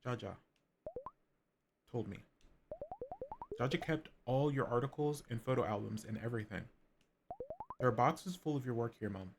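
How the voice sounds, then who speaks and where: A man voicing an earnest grown daughter talking gently with her mother in a video game, over game music. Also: mid-range voice, moderate pace, creaky, long pauses, noisy background, lightly acted.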